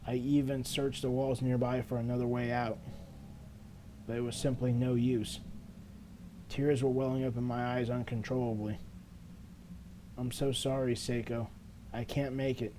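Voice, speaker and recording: A man's voice: medium pitch, flat delivery, moderate pace, long pauses, mellow, slight background noise, natural voice. A man reading as a frightened trapped schoolgirl. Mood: desperate. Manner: earnest, desperate first-person narration. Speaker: let's player. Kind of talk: reading game text aloud.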